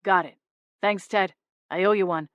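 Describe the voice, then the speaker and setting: A woman's voice: steady tone, moderate pace, dry recording, close to an everyday voice. A woman reading the part of an easygoing young man who works as an investigator and dislikes rules. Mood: businesslike. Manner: easygoing, gruff and low on the phone. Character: laid-back young man, a rule-dodging investigator.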